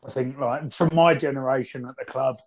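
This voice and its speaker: A man interviewing his old boxing coaches in a relaxed, grateful way. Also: mid-range voice, a little fast. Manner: informal, grateful, chatty. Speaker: interviewer, former boxer. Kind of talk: casual interview.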